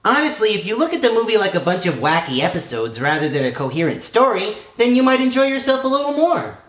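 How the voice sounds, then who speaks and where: Brisk female film reviewer, lively pitch, echoey room. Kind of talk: scripted review commentary.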